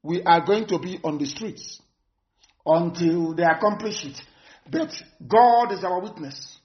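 Nigerian guy ranting hard at politicians, high voice, keeps repeating himself, muffled lo-fi sound. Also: unhurried. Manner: fiery, scornful, repeats phrases for emphasis. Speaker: activist addressing followers. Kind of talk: impassioned political broadcast. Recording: dull lo-fi recording.

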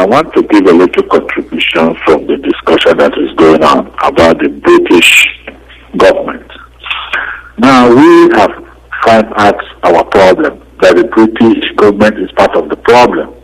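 A man's voice: low voice, lively intonation, measured pace, noisy background. A man calling in to a radio show, speaking firmly and insistently. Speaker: radio caller. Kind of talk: call-in radio talk.

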